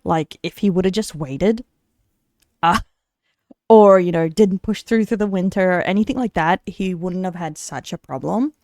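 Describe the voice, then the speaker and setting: A woman's voice: on the low side, moderate pace, a little mellow, no echo, studio quality. A woman from Australia casually commenting on a video she is watching, chatty and giggly with lots of fillers. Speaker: streamer reacting to a video.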